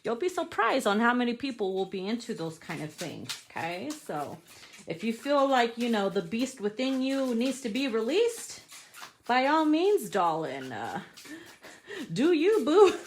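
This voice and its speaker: Woman, tarot reader, casual card reading, frank, playful, swears a lot, reads card text slowly. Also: a little high, a little hiss or hum. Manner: frank, playful, swears freely, calls viewers darling; slows down to read card text aloud.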